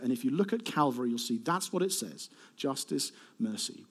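A man preaching a lively sermon to a congregation. His voice sits a bit high for a man, and he talks in an animated, conversational way, stepping aside now and then to speak to the people in front of him. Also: brisk, husky. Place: warm hall with a live congregation.

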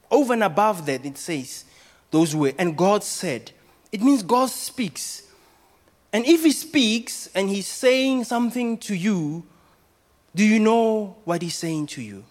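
A man, a pastor, preaching a sermon and asking the congregation rhetorical questions. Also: sits high.

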